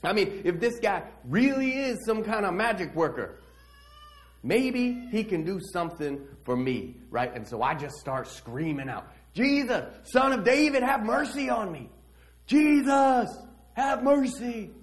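A brash, eager blind beggar spins his tale in slangy, animated street talk, as a man acts him out. The voice sits high and swoops up and down with energy. It plays as a dramatic monologue within a church service. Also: measured pace. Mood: excited. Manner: slangy, animated first-person storytelling.

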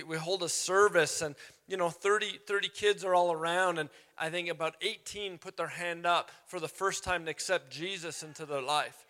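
A young adult man, a pastor, preaching a sermon with humorous, animated storytelling. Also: high-pitched. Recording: reverberant hall.

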